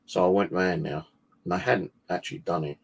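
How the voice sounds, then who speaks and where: A man's voice: deep voice, steady tone, a little fast, creaky, husky. A man casually rambling on a livestream, swearing freely and chatting loosely as the channel host.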